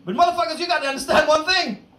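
Brash, high-voiced stand-up comedian. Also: male voice, racing. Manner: brash, profane, punchy delivery. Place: comedy venue with live audience. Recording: echoey room, far mic, loud crowd and noise.

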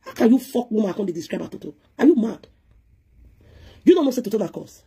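A woman with a Nigerian Pidgin accent talks fast, scolding and preaching on a live video. Her voice is husky, and she switches freely between pidgin and English. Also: on the high side, big pitch swings, dark tone. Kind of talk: heated live-stream rant.

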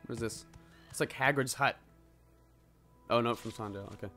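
A man's voice: mid-range voice, brisk, long pauses, pushed and bright, faint music behind. A man hosting a let's play, giving reactive gameplay commentary and exclaiming at what happens in the game.

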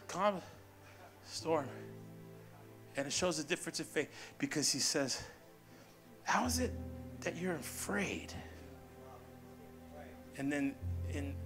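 Preaching in a church sanctuary over background music, a pastor trades call-and-response with his congregation, punchy and playful with asides. His voice is a little high and a bit bright.

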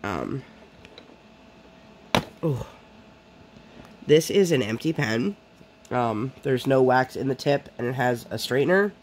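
A woman's voice: a bass voice, expressive, slow, pauses often, a little mellow, slight background noise. A woman vlogger chatting casually while she crafts, rambling and full of fillers.

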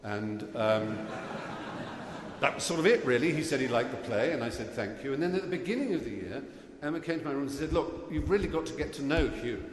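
Here a middle-aged Englishman with an expressive, medium-pitched voice gives a graduation speech at a podium, spinning wry, self-mocking anecdotes while halting with fillers at times. Sound bounces around the large hall with long reverb over faint room noise.

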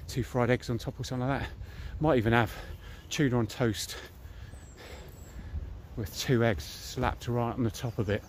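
A man's voice: medium pitch, steady tone, moderate pace, slight background noise. Chatty British man vlogging outdoors. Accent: British English. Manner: chatty, blunt, slangy. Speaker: fitness vlogger. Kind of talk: casual chat while walking outdoors. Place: outdoors in a park and woods.

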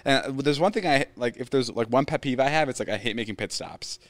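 A man's voice: mid-range voice, quick pace, no room sound. A man teasing and interrupting in casual podcast chat.

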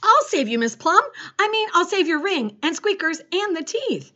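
A woman's voice: a little high, lively intonation, measured pace, fairly bright tone. Woman voicing an eager shy schoolboy. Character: shy earnest young schoolboy. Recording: dull lo-fi recording.

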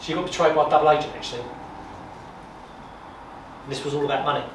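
A man giving an informal talk at an exhibition, telling stories in a chatty, animated way with repetitions and asides. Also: fairly high pitch, fast. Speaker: guest speaker on wartime history. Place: exhibition room. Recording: echoey room from far off, noisy.

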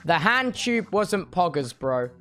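Young male streamer, post-op groggy, slurry slangy ramble, soft music bed. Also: high-pitched, very animated, slow pace. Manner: rambling, slangy, many restarts. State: groggy after surgery, speech slightly impaired. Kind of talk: casual chat reading viewer messages.

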